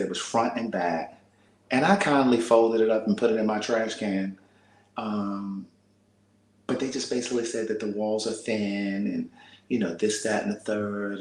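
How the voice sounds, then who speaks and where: An American man talking casually to live viewers from a small apartment, speaking softly and half-whispering, laughing and reading out comments. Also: lowish voice, roomy sound, slight background noise, poor audio. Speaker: vlogger on a livestream.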